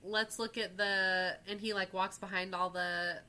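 A woman's voice: medium pitch, fairly even intonation, a little slow, bright, forceful tone. A young woman co-hosting a casual movie podcast, chatty and giggly, often quoting lines from films. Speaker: podcast co-host.

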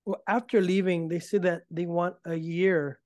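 A man being interviewed, telling his story in a casual, animated way and acting out the arguments he reports. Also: high voice, normal speed, no room sound, studio quality. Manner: animated, acts out quoted arguments. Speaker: podcast guest.

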